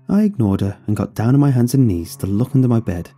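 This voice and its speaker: A man tells a horror tale in the first person, his voice dark and husky. His pitch moves in a lively way as he narrates, with faint music playing underneath. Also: a little fast, few pauses. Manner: expressive first-person storytelling. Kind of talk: scripted horror story narration.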